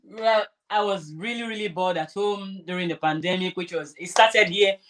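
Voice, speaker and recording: A woman's voice: medium pitch, normal speed. Chatty woman crafting and chatting. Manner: chatty, rambling, restarts sentences. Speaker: crafter vlogger. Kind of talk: casual chat while sewing.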